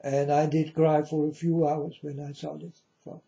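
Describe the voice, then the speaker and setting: Man, self-styled prophet, unhurried and sorrowful delivery, speaks slightly high, muffled low-fidelity sound. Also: flat delivery, vocal fry, mellow. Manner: slow, mournful, repeatedly addresses listeners as folks. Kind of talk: prophetic warning monologue. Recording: dull lo-fi audio.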